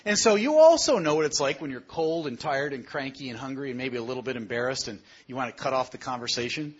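A man's voice: medium pitch, fairly bright tone, slightly rough, dull audio. A middle-aged man preaching a sermon, telling stories in a conversational way and asking the listeners questions. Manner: storytelling, conversational with rhetorical questions.

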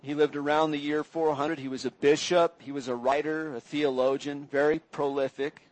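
A man preaching a sermon, retelling scripture in measured storytelling and voicing quoted speakers with feeling. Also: a little high, flat delivery, a little mellow, low-quality recording. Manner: measured storytelling, acts out quoted voices with rising intensity.

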